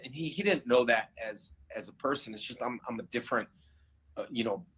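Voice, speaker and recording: A man casually telling stories in an interview, animated and acting out the voices of people he quotes. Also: medium pitch, brisk, breathy edge, low-quality recording. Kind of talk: casual storytelling.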